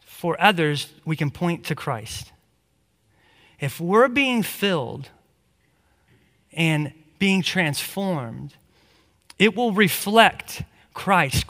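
A man preaching a sermon, earnest and conversational, often restarting his sentences. His voice sits high and sounds bright and forceful. It carries a long reverb, as if from a church hall. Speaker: pastor.

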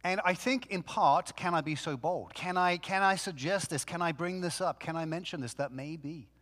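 A man preaching a sermon in a conversational, animated way, full of rhetorical questions. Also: on the high side, moderate pace, big-room sound. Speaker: pastor.

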